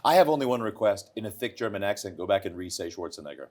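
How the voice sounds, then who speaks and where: A man's voice: on the low side, sing-song, fast talker. A man co-hosting an interview show, joking and teasing the guest. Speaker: co-host. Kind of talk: casual interview chat.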